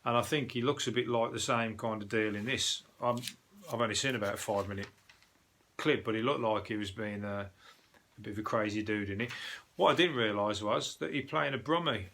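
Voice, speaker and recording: A man's voice: lowish voice, brisk, a bit bright. A man with a Birmingham accent, hosting a casual solo news podcast in a rambling, sweary, chatty way with lots of fillers. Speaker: podcast host.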